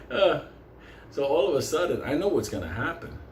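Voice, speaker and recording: A man's voice: on the high side, a little mellow, slight background noise. A man telling a street-fight story from his youth in a loose, profane, rambling way, often breaking into laughs. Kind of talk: casual storytelling. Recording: echoey room with faint ambience.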